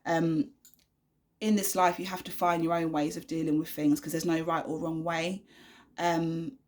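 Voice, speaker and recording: A young woman talks straight to her viewers from her bedroom, unedited and unscripted. Her voice sits a little low, and she rambles in a frank, chatty way with plenty of "um"s and "like"s. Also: level tone, normal speed, a little mellow. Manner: chatty, frank, many fillers. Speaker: vlogger, mother. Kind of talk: candid unedited vlog.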